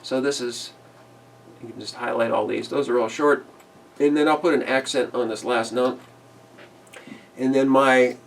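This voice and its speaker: Relaxed man scatting while he explains. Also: mid-range voice, far from the mic. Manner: relaxed, chuckles, sings phrases as "ba da da". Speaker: arranger teaching big band writing. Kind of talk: casual screen-recorded tutorial.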